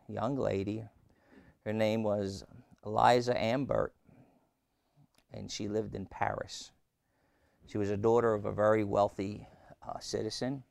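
A man preaching a sermon as pastor, swinging between loud emphasis and quiet asides. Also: lowish voice, vocal fry, dry recording.

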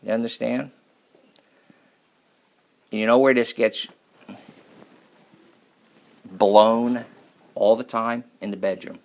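A man's voice: mid-range voice, fairly even intonation, slow pace, vocal fry, long pauses, a little mellow. A man preaching a sermon on marriage in a folksy, joking manner.

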